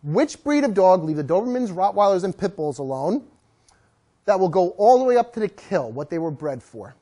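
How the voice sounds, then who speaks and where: Animated woman dog trainer with a lively pitch. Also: moderate pace. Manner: animated, jokey, acts out voices of people and dogs. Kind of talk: live talk to an audience.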